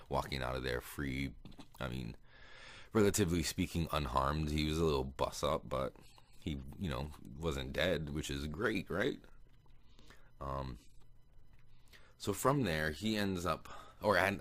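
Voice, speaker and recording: A man's voice: rumbling low, a bit bright. A man casually recapping a movie plot, rambling and swearing, with many fillers and restarts. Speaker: podcast host.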